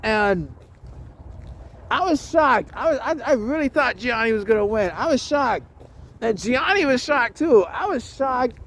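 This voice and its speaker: A man's voice: very high voice, animated, measured pace, fairly bright tone. A man talks through a fight recap in a loose, offhand way, swearing freely and stumbling over his words. His speech is full of slang, "um"s and restarted sentences. A little faint noise sits under his voice. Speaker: vlogger reviewing a jiu-jitsu tournament. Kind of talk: casual rambling commentary.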